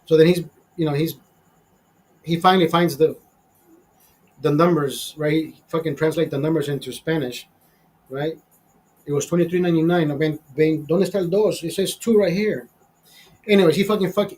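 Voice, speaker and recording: A man's voice: a little high, a little mellow, low-quality recording. A man of fifty, a show host, telling a rambling story in casual chat, swearing a lot and sounding exasperated. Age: 50s. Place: small studio.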